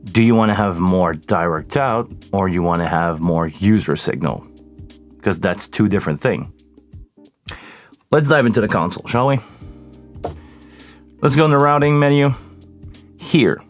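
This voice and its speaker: A man's voice: on the low side, normal speed, pauses often, soft background music. A man from hosting a casual live Q&A about sound gear, greeting viewers by name and jumping between thoughts. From Canada. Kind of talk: casual live-stream chat. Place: home studio with mixing console.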